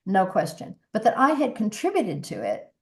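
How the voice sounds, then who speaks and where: Her mid-range voice swoops wildly in pitch at a normal speed as this voice coach in her sixties, a podcast guest, speaks with earnest reflection. She frequently restarts her sentences during the conversational interview.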